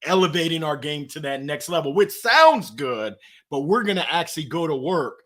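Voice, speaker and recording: A man guest talking in an energetic, preachy, slangy storytelling way in an interview. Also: a little high, moderate pace. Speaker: guest, author. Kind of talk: motivational interview talk.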